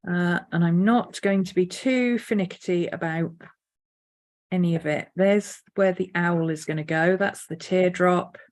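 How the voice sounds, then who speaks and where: A woman artist thinking aloud as she sketches, unhurried, now and then cooing to her dog. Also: on the low side, darkish tone. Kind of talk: casual art vlog narration. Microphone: desk mic.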